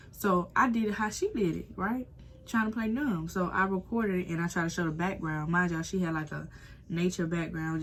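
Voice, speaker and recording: A young woman tells a storytime straight to her viewers, her voice sitting a little low. She keeps calling them y'all and acts out what other people said. A faint hiss runs under the recording. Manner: animated, addresses viewers as y'all, acts out quotes. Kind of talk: casual storytime vlog.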